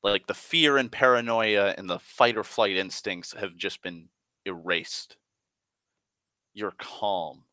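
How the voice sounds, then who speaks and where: A man's voice: lowish voice, slow, pushed and bright, no echo. A man telling the story of a tabletop game session in a casual, rambling way, with restarts and swearing. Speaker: player.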